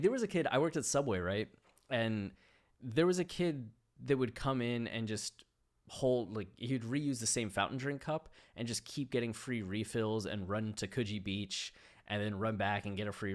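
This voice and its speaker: Low-ish voiced guy rambling about a book, laughs a lot, gets slow and thoughtful. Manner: animated storyteller, laughs often mid-sentence. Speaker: host. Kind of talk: casual monologue about a book.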